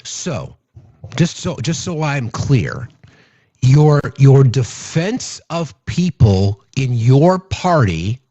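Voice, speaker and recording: A man's voice: medium pitch, big pitch swings, very slow, mellow, no echo, lo-fi sound. A man giving casual political commentary, indignant and rambling, often restarting his sentences.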